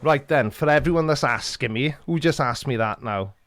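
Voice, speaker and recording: A man's voice: mid-range voice, moderate pace, fairly bright tone, dry recording. Jokey Welsh man reading chat. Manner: jokey, dry teasing banter. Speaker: streamer. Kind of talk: live stream chat, reading comments.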